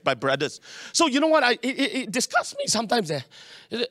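A man preaching a sermon in a church, animated and calling on the congregation to respond. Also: high voice, fast, dry recording, studio quality. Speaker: pastor.

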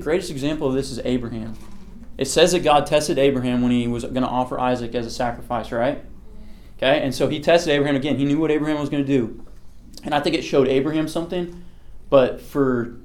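A man's voice: medium pitch, darkish tone. A young man gives a casual youth sermon in a chatty, everyday way. He keeps checking in with his listeners and asking them questions. His talk is full of "like" and "okay" as he teaches. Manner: conversational, quizzes the listeners, many "like" and "okay" fillers. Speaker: youth pastor.

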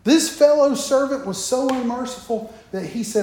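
A man's voice: very high voice, normal speed, hardly any pauses, mellow, very echoey, a little hiss or hum. A man preaching a sermon, talking straight to the congregation with joking asides.

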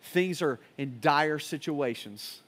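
A man preaching a sermon, telling a story, building to loud urgent peaks and dropping to hushed, earnest lines. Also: a little high, slow pace. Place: church service with live audience.

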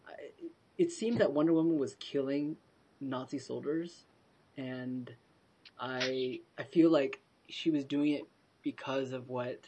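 Man as podcast panelist, mid-pitched, keen to cut in. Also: steady tone, unhurried, dark tone, a little hiss or hum. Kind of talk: casual film review chat.

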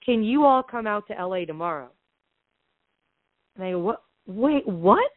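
A woman's voice: medium pitch, normal speed, no room sound. Chatty woman guest, mid-range voice, acts out the dialogue, dry phone-line sound. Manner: animated retelling that acts out quoted dialogue. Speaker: podcast guest, real estate investor. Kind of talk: casual storytelling.

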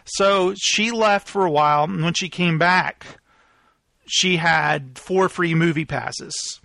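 A man in his thirties hosts a live podcast and tells a story in a loose, animated monologue. His voice sits high and sounds bright. He acts out both sides of each conversation. The recording is dry and close. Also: slow pace, vocal fry, no echo. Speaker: podcast host.

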